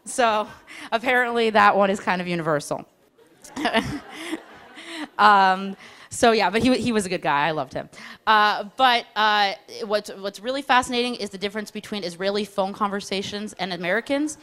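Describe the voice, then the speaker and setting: Young woman comic, chatty and self-mocking, telling stories on stage with quick put-on voices. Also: medium pitch, fairly bright tone. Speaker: stand-up comedian. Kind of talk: stand-up comedy storytelling.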